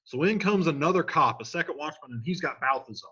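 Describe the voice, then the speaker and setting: A man's voice: mid-range voice, fairly quick, bright, forceful tone, husky, lo-fi sound. A male teacher retelling a play in a casual lesson, reading lines aloud and then paraphrasing them in slangy everyday words.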